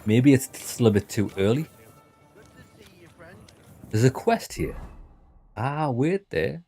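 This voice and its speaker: Streamer type: Sunderland man, casual and lively, faint music underneath. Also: medium pitch, slow pace. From Northeast England. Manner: chatty, laughs a lot, mimics accents. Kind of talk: casual live gameplay commentary.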